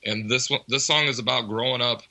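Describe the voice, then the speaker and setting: A man, a rock band member, chatting casually as a guest in an interview, relaxed and rambling with lots of fillers. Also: mid-range voice, brisk, low-quality recording.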